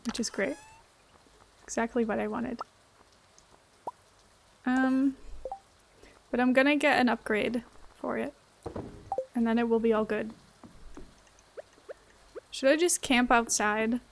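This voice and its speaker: Woman streamer, high voice, unhurried, giggly and chatty with viewers during a casual gameplay stream. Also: fairly even intonation, creaky, a little hiss or hum. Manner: giggly, chatty, answering chat.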